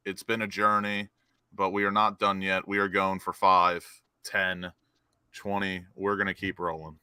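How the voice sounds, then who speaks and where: A man's voice: deep voice, level tone, unhurried, pushed and bright, smooth, no echo. A man from the United States co-hosting a casual chat, upbeat and jokey. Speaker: co-host.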